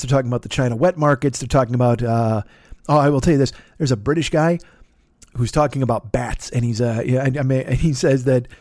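A man's voice: mid-range voice, darkish tone, dry recording, clean studio sound. A man hosting a comedy podcast, ranting in a profane, sarcastic and rambling way. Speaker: podcast host.

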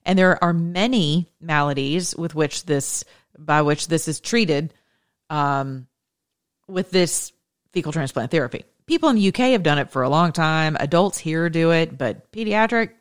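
Woman, deep voice, casual storytelling to viewers, outspoken, swings between loud and soft. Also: normal speed. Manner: animated and emphatic, with sudden jumps in pitch and loudness; blunt and opinionated, swears and then apologizes. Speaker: mother sharing a personal story.

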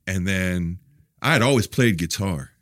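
Deep-voiced middle-aged man, loose storyteller. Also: animated, a bit bright, dry recording, clean studio sound. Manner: profane, loose, halting restarts; acts out quoted voices in stories. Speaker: interview guest, musician. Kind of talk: candid storytelling interview.

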